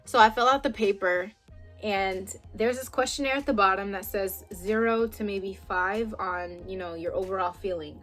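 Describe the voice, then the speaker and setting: A young woman vlogger casually recounting a personal story to camera, acting out her own quoted lines bluntly. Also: fairly low pitch. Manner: animated retelling with quoted dialogue, frank and blunt.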